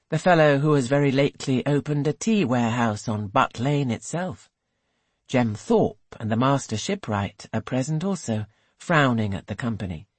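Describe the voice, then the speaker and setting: Husky, animated audiobook narrator. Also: mid-range voice, no echo. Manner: measured storytelling with animated phrasing. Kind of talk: scripted narration.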